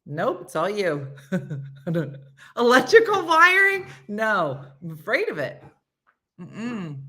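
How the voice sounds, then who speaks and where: Drawing out her words, the host reads through viewer comments on a relaxed live stream, playful and lively, now putting on goofy high-pitched voices, now dropping to a whisper.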